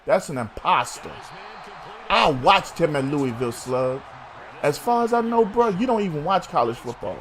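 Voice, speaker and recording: Animated high-voiced man ranting sports. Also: normal speed. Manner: animated, swearing, calls co-host bruh. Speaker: sports talk host. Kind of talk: heated sports debate.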